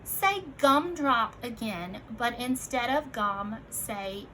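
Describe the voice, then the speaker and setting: A young woman teacher guides children through a phonics lesson, speaking very slowly and clearly. Her voice is bright and a touch high, encouraging as she calls them friends. A faint hiss of room noise sits under the recording. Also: lively intonation, low-quality recording. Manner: slow, clearly enunciated prompts; encouraging, addresses listeners as friends.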